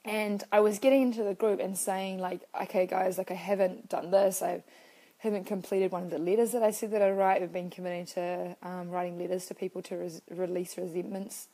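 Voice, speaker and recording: A woman's voice: fairly low pitch, level tone, fairly quick, warm tone. A young woman hosting a casual, heartfelt live stream as a personal-growth coach. She speaks candidly and emotionally, swears freely, and greets her viewers by name.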